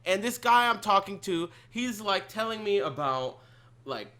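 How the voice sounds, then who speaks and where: Lively high-voiced man hosting a podcast. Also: measured pace. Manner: animated, swearing storyteller who rants. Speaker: podcast host. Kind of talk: casual chat.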